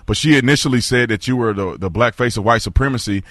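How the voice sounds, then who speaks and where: A man hosting a political talk show, animated and laughing often as he talks with a guest. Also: mid-range voice, fast talker, no room sound, clean studio sound. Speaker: host.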